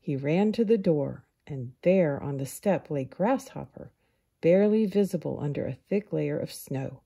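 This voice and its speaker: A woman reading a children's picture book aloud in a calm, unhurried storyteller manner. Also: deep voice, gravelly, breathy edge.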